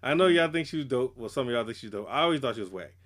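A man's voice: mid-range voice, animated, rapid-fire, fairly bright tone. A man co-hosting a hip hop podcast, chatting casually with loose, profane, laughing banter. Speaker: podcast co-host.

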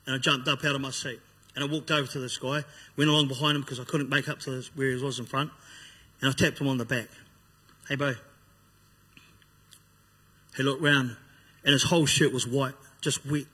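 A man's voice: medium pitch, bright, forceful tone, breathy edge. A man telling his personal testimony, blunt and raw, acting out what he once said. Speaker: speaker giving a personal testimony. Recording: long hall reverb.

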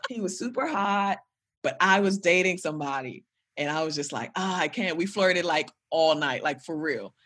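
A woman comedian chatting as a podcast guest, telling stories in an animated, profane way with big laughs. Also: sits low, normal speed, a little hiss or hum. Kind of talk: casual podcast chat.

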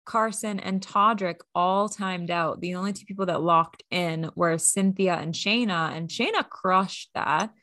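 A woman's voice: fairly low pitch, unhurried, few pauses, pushed and bright, no echo, clean studio sound. A woman hosting a podcast, chatting casually and upbeat with lots of fillers. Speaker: podcast host. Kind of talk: casual recap chat.

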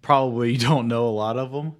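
A man's voice: mid-range voice, fairly even intonation, quick pace. Playful man in his thirties hosting. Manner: playful, laughs often while running a quiz. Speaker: host. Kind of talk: casual chat.

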